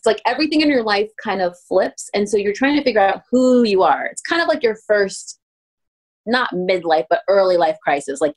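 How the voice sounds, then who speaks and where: A woman in her thirties, a pastry chef guest telling stories in a casual interview, acting out quoted voices with sudden pitch jumps. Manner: animated, acts out quotes with lively pitch jumps. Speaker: guest, pastry chef turned ice cream maker.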